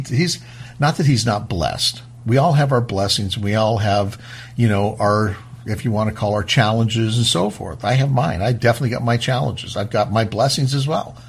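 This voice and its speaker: A man hosting a talk show, speaking in a fast-paced, emphatic way and often restarting his words. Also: mid-range voice, breathy edge. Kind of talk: casual talk-show monologue.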